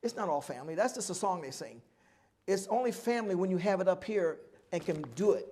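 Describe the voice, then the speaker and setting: High-voiced older man telling lively stories. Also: fairly quick. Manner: animated storyteller acting out other people's lines, often laughing. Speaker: oral history guest. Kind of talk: live storytelling talk.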